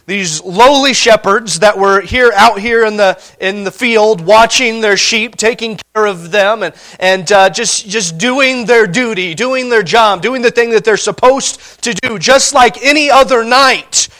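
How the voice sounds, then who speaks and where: A man with a very high-pitched voice delivers a sermon. He speaks in an animated, emphatic way, repeating himself and asking "all right?" to keep his listeners with him. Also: unhurried, hardly any pauses. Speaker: pastor.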